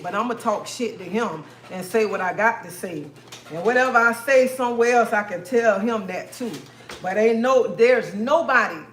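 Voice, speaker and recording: A woman's voice: mid-range voice, a bit bright, a little hiss or hum. A woman hosting a live stream, talking straight to her viewers in an emphatic, repetitive way and calling them honey and baby. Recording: echoey room.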